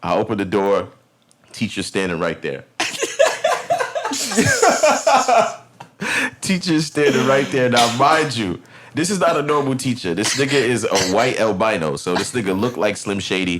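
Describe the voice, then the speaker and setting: A deep-voiced man with a New York accent tells a story on a podcast, his pitch swinging up and down a lot. His delivery is loose and profane, thick with slang and fillers. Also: expressive, normal speed, background noise. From Brooklyn, New York. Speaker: podcast host. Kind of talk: casual storytelling.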